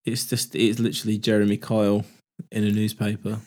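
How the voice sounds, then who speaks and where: A man's voice: on the low side, monotone, fairly quick, darkish tone. A man co-hosting a comedy podcast, blunt and sweary in his banter. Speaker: podcast co-host. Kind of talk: casual comedy chat.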